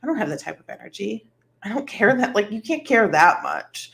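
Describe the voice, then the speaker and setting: A woman's voice: fairly high pitch, lively intonation, normal speed, fairly bright tone. A tired woman hosting a casual vlog chat, rambling with lots of "like" and "um" and the odd sigh. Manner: rambling, full of "like" and "um", sighing. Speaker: host. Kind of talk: casual chat about a livestreamed trial.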